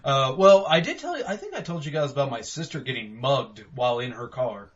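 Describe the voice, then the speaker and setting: A man's voice: medium pitch, expressive, fairly quick, highs cut off. A man co-hosting a casual horror podcast, joking around and acting out silly voices. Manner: jokey, acts out silly shouted voices. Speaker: podcast co-host.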